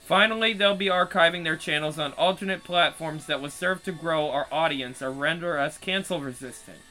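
A man's voice: on the high side, moderate pace, bright, forceful tone, soft background music, poor audio. A man hosting his channel in casual, profane commentary, rambling with frequent restarts. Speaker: channel host.

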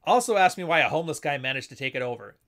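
A man's voice: on the high side, lively intonation, racing, a bit bright. A man giving casual, unscripted commentary, often acting out little dialogues in shifting voices. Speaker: commentator explaining assertiveness techniques.

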